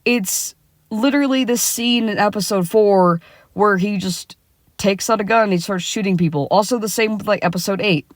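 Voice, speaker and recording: A woman's voice: mid-range voice, normal speed, dry recording, clean studio sound. A young woman ranting about a cartoon character from her car, heated and swearing, with many fillers and restarts. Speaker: vlogger. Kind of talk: casual opinion rant. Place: sitting in a car.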